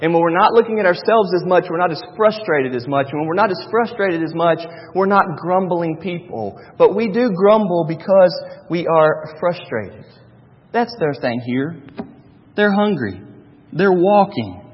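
High-voiced male pastor with a husky tone, casual preaching, dull recording in a long-echo hall. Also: expressive, moderate pace. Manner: conversational preaching, repeats phrases for emphasis. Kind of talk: sermon.

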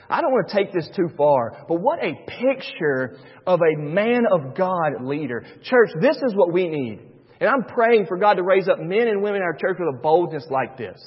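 Man, pastor, sermon, husky, long church reverb. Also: a little high, muffled recording. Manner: emphatic preaching, swinging between loud and hushed.

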